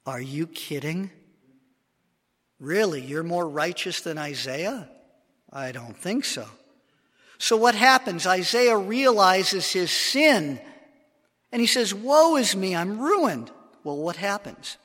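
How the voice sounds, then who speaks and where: A man preaching in a hall with a long, ringing reverb. His voice sits high and sounds bright. He talks at an unhurried pace and slows further to read scripture with dramatic emphasis. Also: expressive. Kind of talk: sermon.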